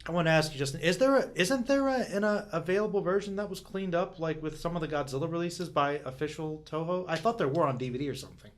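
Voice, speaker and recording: A man's voice: fairly high pitch, fast, hardly any pauses. A man co-hosting a podcast in casual chat, rambling and cutting himself off, laughing often. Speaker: podcast co-host.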